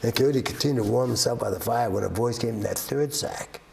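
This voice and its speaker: A man telling a folktale as a guest storyteller, rhythmic and repetitive, building excitement. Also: medium pitch, fairly quick, vocal fry, recorded from a distance, a little hiss or hum.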